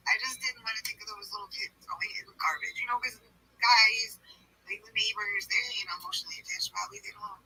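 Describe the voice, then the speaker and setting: A woman's voice: on the high side, expressive, quick pace, creaky, pushed and bright, husky, poor audio. A woman livestreamer chatting in a rambling way, full of "like" and "you know". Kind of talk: livestream chat.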